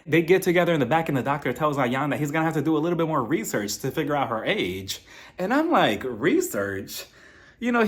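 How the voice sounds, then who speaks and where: Chatty male recap vlogger, sarcastic and joking, with a slightly high voice. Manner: sarcastic, chatty, laughs at his own jokes. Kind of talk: casual comedic recap.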